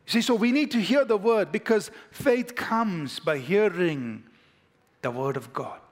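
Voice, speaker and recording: A man's voice: high voice, lively intonation, a little slow. A pastor preaching a sermon, leading his congregation in repeated declarations with emphatic call-and-response. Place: church sanctuary.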